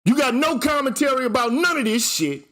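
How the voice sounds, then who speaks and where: A man's voice: very high-pitched, big pitch swings, fairly quick, fairly bright tone. A man hosting his own channel, delivering a fiery, profane commentary rant that hammers the same point with repetition. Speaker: channel host. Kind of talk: ranting commentary vlog.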